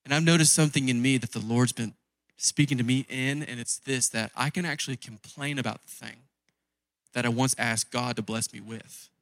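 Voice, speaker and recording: A man's voice: mid-range voice, steady tone, normal speed, no echo. A man preaching a conversational sermon as a pastor, pressing his points by repeating key phrases.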